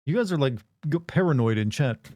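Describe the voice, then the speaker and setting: Mellow-voiced man joking with his stream chat. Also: medium pitch, animated, brisk, no echo, clean studio sound. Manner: joking, rambling banter with chat. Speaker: livestream host. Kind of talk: casual live-stream chat.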